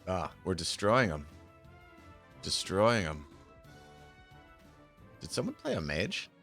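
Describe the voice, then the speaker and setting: This deep-voiced man speaks slowly, his pitch swooping wildly and his tone a little bright. He's on a live stream playing a game and checking options trades, muttering and swearing when annoyed, with faint music in the background.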